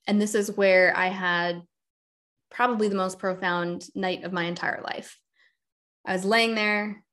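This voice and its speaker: A woman chatting as a podcast guest, telling a personal story in a lively way and acting out what people said in a higher voice. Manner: animated, acts out quoted people in a higher voice. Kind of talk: casual storytelling.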